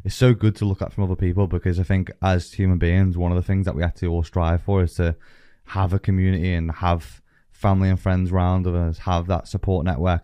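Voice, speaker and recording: Male podcast host, dark smooth voice, earnest and reflective. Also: sits low, no room sound, studio quality. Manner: earnest, reflective, swears casually. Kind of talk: casual podcast chat.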